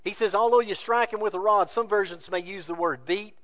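Man, pastor preaching, fairly high voice, emphatic rises, hushed asides. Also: a little fast, dry recording. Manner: preaching with rising emphatic peaks and quiet asides. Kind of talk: sermon.

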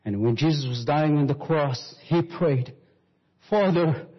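A man preaching a sermon, slowly telling a story and quoting scripture. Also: on the high side, husky. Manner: slow, sweeping preaching with Bible quotes. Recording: dull reverberant hall recording.

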